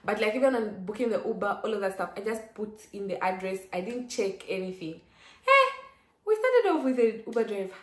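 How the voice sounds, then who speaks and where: A young woman vlogger telling a personal story in a chatty, lively way, with lots of "like" fillers and sudden exclamations. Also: mid-range voice, brisk. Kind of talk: casual storytelling. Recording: roomy echo.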